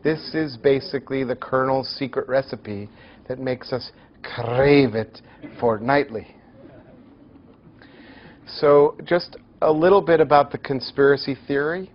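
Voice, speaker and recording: A man giving a university lecture in a hall, telling stories in a lively, joking way. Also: medium pitch, dull audio.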